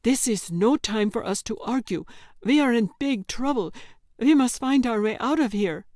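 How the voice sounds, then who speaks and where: A woman's voice: on the high side, animated, normal speed, darkish tone, dry recording, pitched above the performer's own voice, natural voice. A stubborn, bossy young boy barking orders in a cave, sounding surer than he is, read by a woman narrator. His voice sits somewhat raised and firm. The sound is dry and close. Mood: commanding. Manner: commanding, falsely confident. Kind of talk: audiobook character reading.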